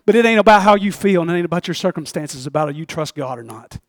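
A man's voice: fairly high pitch, animated, racing, dry recording, clean studio sound. A male preacher delivering an emphatic sermon who repeats his points and speaks directly to the congregation.

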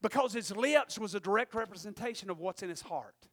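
High, bright-voiced preacher. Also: male voice, animated, brisk, no echo, clean studio sound. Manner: swings from shouted exhortation to quiet folksy asides; frequent call-outs to the congregation. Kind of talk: sermon.

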